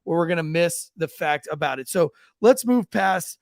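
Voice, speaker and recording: High-voiced male podcast host. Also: lively intonation, moderate pace, gravelly, no echo, clean studio sound. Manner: cuts in with repeated "listen". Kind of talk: podcast interview.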